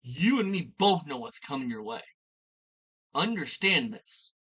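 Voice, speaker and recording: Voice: medium pitch, big pitch swings, measured pace, a bit bright, recorded from a distance, dull audio. Profane, insulting ranting vlogger. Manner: profane, insulting, repeats phrases for emphasis. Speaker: commentary vlogger. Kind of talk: angry ranting commentary.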